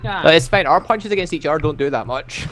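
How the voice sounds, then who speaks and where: A man's voice: a little high, a little fast, fairly bright tone. A man in casual gameplay chat, explaining tactics and grumbling at teammates.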